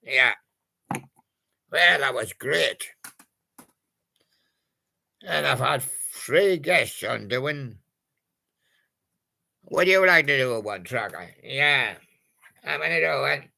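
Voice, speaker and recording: A man's voice: mid-range voice, expressive, slow, gravelly, pauses often, sharp tone. A male host making playful, punning patter about old song titles and chuckling at his own jokes.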